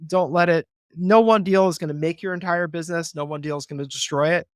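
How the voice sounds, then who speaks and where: Persuasive man with a slightly high voice. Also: steady tone, quick pace, dry recording, studio quality. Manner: earnest, persuasive, acts out phone calls. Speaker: guest, real estate investor. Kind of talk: interview, conversational explanation.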